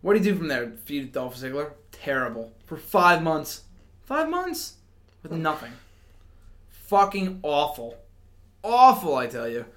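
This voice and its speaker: A man's voice: fairly high pitch, big pitch swings, unhurried, long pauses, a bit bright. A young man co-hosting a casual podcast, answering in short, blunt, dry remarks. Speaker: podcast co-host. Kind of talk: casual wrestling chat.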